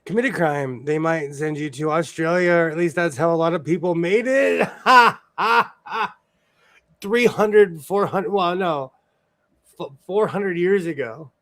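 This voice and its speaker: A man's voice: on the high side, measured pace, a bit bright. A man from the US West Coast hosting a casual sewing chat, rambling and laughing often as he tells stories. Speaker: sewing stream host.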